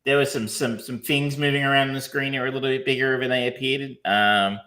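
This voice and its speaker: A man's voice: mid-range voice, fairly even intonation, fairly quick, pushed and bright. A man co-hosting a podcast, talking casually and rambling, with frequent ums, restarts and casual swearing. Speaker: podcast co-host reviewing films. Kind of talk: casual chat.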